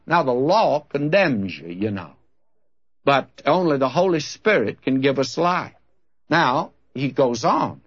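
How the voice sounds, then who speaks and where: A man's voice: mid-range voice, lively intonation, a little slow, breathy edge. A man preaching a sermon, telling a story and acting out both sides of a conversation before reading scripture aloud. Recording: dull lo-fi recording.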